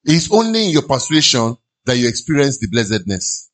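A man with a Nigerian accent preaching an animated sermon in a church, at times mimicking sighing listeners. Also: medium pitch, fairly quick. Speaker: pastor.

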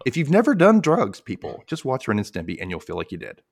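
A man casually recapping a cartoon on a podcast, animated, laughing often and acting out quotes. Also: mid-range voice, fast, no room sound, studio quality. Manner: animated retelling, frequent laughter, acts out quotes.

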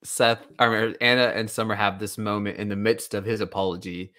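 A woman's voice: rumbling low, fairly even intonation, a little fast, a bit bright. A woman co-hosting a podcast, chatting casually and agreeably about a TV episode and laughing often. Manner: easygoing, agreeable, laughs a lot. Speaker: podcast co-host. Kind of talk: casual chat recapping a TV episode.

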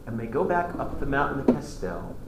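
A male history teacher lecturing a class, telling the story in an animated way with many restarts. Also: mid-range voice, fairly quick, creaky. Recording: echoey classroom with faint noise.

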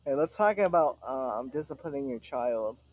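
A man's voice: mid-range voice, lively intonation, normal speed, a little mellow, no echo. A man co-hosting a podcast in casual chat, dry and matter-of-fact. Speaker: podcast co-host.

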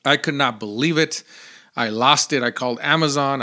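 A man hosting his own podcast, telling a rambling story in a casual, animated way with lots of fillers. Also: mid-range voice, normal speed. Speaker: podcast host.

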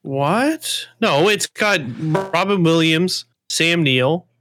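A man's voice: on the high side, animated, slow, over music. A man co-hosting a podcast in casual chat, arguing back with disbelief. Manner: incredulous, argumentative banter. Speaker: podcast co-host.

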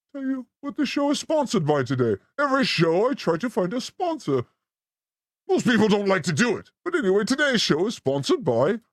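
A man's voice: no room sound, studio quality. Theatrical man hosting with wild swings. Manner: playful, theatrical, swings between high and low voice. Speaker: show host. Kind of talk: comedic live-stream chat.

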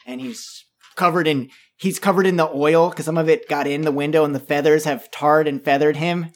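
A man's voice: a little high, steady tone, a little fast. A man playing a tabletop game, describing his character's antics with a joking tone. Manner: joking, laughs through lines. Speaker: player. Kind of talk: tabletop role-play chat.

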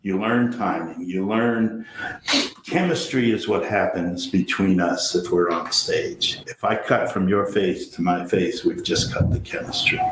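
Older actor guest, low-voiced, animated raconteur, recorded in an echoey room. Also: male voice, a little slow, few pauses, slight background noise. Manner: animated anecdotes, acts out friends' lines, frequent laughs. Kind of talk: storytelling interview.

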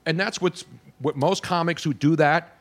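A man's voice: a little high, normal speed. A man hosting a radio talk show, enthusiastic and teasing his guests. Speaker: radio host. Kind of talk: casual radio chat.

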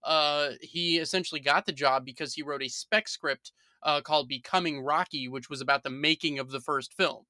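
Bright-voiced chatty male guest. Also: on the high side, normal speed, few pauses, no echo, clean studio sound. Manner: chatty, lots of uhs and restarts. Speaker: podcast guest and news writer. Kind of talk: casual podcast chat.

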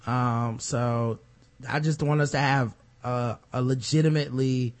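A man's voice: mid-range voice, fairly even intonation, a little slow. Loose-talking, profane male podcast host. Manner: loose, profane, rambling with fillers. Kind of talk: casual chat.

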